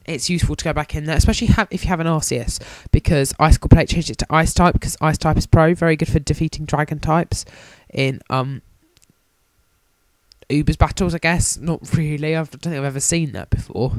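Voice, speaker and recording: Jokey young gamer, dry sound. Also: male voice, a little high, fairly quick, no room sound. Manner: jokey, self-mocking, rambling. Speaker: let's play commentator. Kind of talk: casual game commentary.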